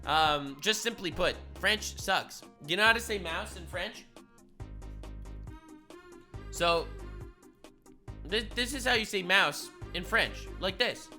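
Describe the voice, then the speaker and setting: Bright, animated young man ranting. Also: high-pitched, slow, pauses often, soft background music. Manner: loud, swearing, ranting with big swings in loudness. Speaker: reaction streamer. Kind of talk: casual reaction commentary.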